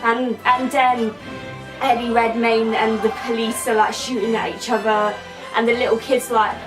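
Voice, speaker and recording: With a fairly high, level voice at normal speed, a woman in the role of a comedic character reviewer rambles through a crude, slang-heavy film recap. She puts on silly voices, and the distant mic picks up faint music.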